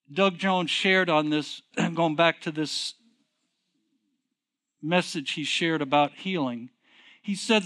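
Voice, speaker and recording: Guy preaching, fairly high voice, chatty, asks the crowd questions then gets loud and punchy. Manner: conversational preaching, rhetorical questions, swings between quiet and emphatic. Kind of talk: sermon.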